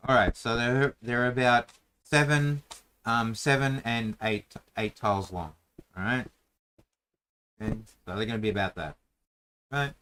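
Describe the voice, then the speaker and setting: A man's voice: mid-range voice, fairly even intonation, unhurried, pauses often, pushed and bright, a little hiss or hum. A man hosting a casual chat, rambling with many fillers and restarts while he draws a map and rolls dice. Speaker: host drawing a dungeon map.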